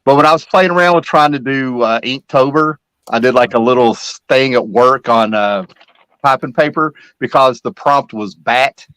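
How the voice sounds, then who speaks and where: A middle-aged man chatting casually as host, rambling through nostalgic stories and dropping sentences halfway. His voice sits at an ordinary pitch. The sound is close and dry, with no room echo. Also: normal speed, fairly bright tone, smooth. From Kentucky-Virginia area. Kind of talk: casual chat.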